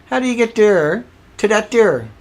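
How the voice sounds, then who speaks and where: A man's voice: sits high, very animated, moderate pace, darkish tone. A man hosting a live stream, insisting on his point and repeating himself, often breaking off to fix audio trouble. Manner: distracted while fixing audio, trails off. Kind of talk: livestream commentary.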